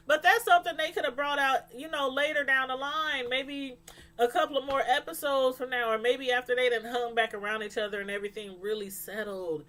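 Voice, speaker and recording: Woman, show reviewer, casual rambling chat, fairly high voice, lively. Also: moderate pace. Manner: animated, acts out quotes from the show; loose, rambling delivery with many fillers.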